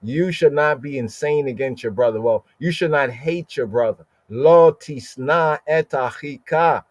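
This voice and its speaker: A man teaching scripture in a podcast, explaining Hebrew words slowly and asking "right?" again and again. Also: medium pitch, no echo. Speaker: Bible teacher.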